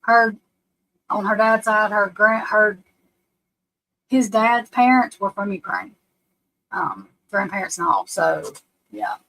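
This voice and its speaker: A woman's voice: medium pitch, steady tone, slow pace, vocal fry, pauses often, pushed and bright, low-quality recording. A middle-aged woman from the United States hosting a live stream, rambling and frank, restarting her sentences and swearing casually.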